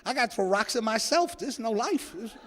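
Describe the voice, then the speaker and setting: A man's voice: extremely high pitch, expressive, fairly quick, a crowd in the background. A man performing a stand-up comedy set, joking and riffing with an audience in a church hall.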